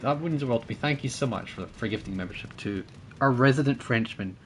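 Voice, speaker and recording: A man talks through a naval battle game as he streams it, chatting with his viewers and laughing often. His pitch swings widely and his delivery is animated. A faint hum sits behind his voice. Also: fast talker. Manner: chatty, reads and thanks chat, laughs often. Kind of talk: casual gameplay commentary.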